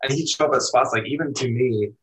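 A man's voice: mid-range voice, fast, a bit bright, low-quality recording. A man from Finland, a guest in an interview, telling a long story casually with lots of "like" and "dude". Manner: laid-back, rambling, heavy use of "like" and "dude". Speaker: interview guest, photographer and former skater.

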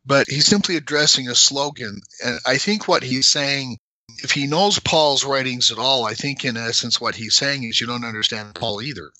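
A middle-aged man explaining scripture in a measured, conversational way, sometimes emphatic. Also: medium pitch, sharp tone, dry recording, rough recording.

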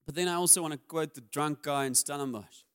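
A man's voice: fairly high pitch, brisk, fairly bright tone, clear, resonant tone. A man, preaching a sermon as a pastor in a candid, confessional way with self-deprecating humor.

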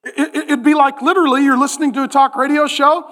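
Forties male pastor, high voice, lively joking preacher in a church sermon. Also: quick pace. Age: 40s. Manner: animated, joking, acts out voices in quotes.

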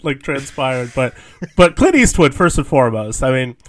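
A man's voice: mid-range voice, sing-song, moderate pace. A man co-hosting a casual film chat, rambling with fillers and restarts and laughing often. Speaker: podcast co-host.

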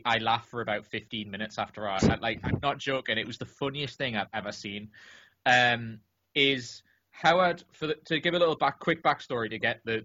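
Excitable man telling a story, bright voice. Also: medium pitch. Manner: animated, rambling, many restarts and fillers. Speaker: podcast co-host or guest. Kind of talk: casual podcast chat, telling a story. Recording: dull lo-fi podcast audio.

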